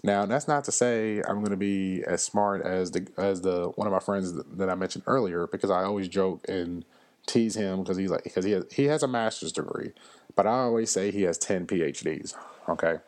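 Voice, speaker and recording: A man's voice: deep voice, normal speed, darkish tone. A man, hosting a solo podcast and telling stories in a loose, chatty way with lots of fillers. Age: 30s. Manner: chatty, loose storytelling with frequent fillers and laughs. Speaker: podcast host. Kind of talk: casual solo podcast monologue.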